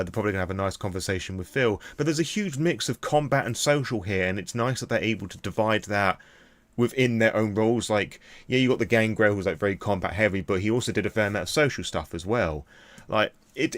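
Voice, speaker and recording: Young british man, lowish voice, casual game-master recap, rambling with fillers, dry close sound. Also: expressive, a little fast, a bit bright, dry recording. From Britain. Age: young adult. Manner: rambling, filler-heavy, enthusiastic. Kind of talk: casual recap of a tabletop session.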